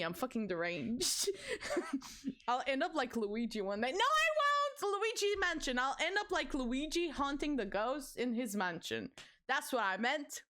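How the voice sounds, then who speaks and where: Lively high-voiced woman streamer. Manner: excitable, swears freely, laughs often, teasing. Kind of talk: casual livestream chat with viewers.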